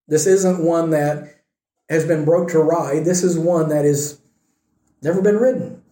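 A man's voice: sits high, normal speed, pauses often, mellow. A man preaching a conversational sermon, retelling a story and asking his listeners questions. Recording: echoey room.

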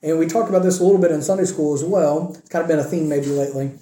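A man's voice: a little high, racing, dark tone. A man preaching a conversational sermon in a church, checking in with the congregation as he goes. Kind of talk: conversational sermon with scripture reading. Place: church sanctuary. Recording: echoey room sound.

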